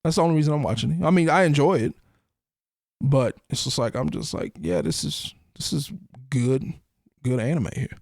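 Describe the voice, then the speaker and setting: A man's voice: mid-range voice, animated, moderate pace, vocal fry, darkish tone, dry recording, clean studio sound. A man hosting a podcast in casual chat, laid-back and steering the talk. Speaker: podcast host.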